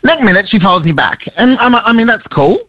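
An excitable man who laughs often, telling a story as a guest on a radio show. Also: high voice, a little fast, no room sound, highs cut off. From Australia. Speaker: guest singer. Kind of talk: radio chat.

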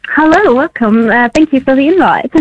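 Woman guest, husky and fairly high, tinny phone line, laughs through explanations. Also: lively intonation, moderate pace, no room sound. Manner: laughs often while explaining. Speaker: guest researcher. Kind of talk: explaining research on radio. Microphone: phone call.

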